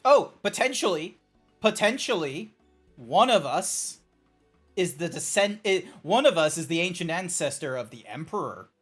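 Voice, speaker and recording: A fairly high-pitched man talks over a faint bed of chill background music. He is a game streamer in loose, casual chat, riffing through silly tangents. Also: expressive, fairly bright tone, slightly rough. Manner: rambling, joking, quick tangents.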